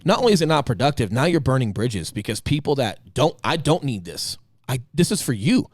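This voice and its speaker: A man co-hosting a casual podcast chat, talking with emphatic passion and swinging between loud bursts and quiet asides. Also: mid-range voice, very animated, brisk, dry recording, clean studio sound. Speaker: podcast co-host.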